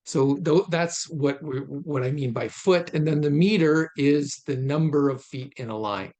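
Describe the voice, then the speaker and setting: A man giving an informal recorded lecture on poetry over slides, thoughtful, with frequent fillers and restarts, slowing down to stress syllables. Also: fairly high pitch, darkish tone. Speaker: literature lecturer.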